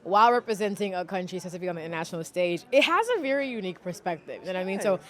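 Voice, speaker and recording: A woman hosting an interview podcast, talking in an animated, expressive way with many quick affirmations. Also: on the low side. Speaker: podcast host. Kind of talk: interview conversation.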